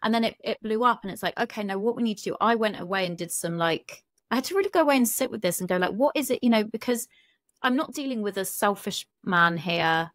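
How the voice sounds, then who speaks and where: A woman's voice: medium pitch, expressive, a little fast, no echo, studio quality. A British woman, a relationship coach, talking frankly on a podcast and swearing casually. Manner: frank, chatty, swears casually, many fillers. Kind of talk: candid podcast conversation.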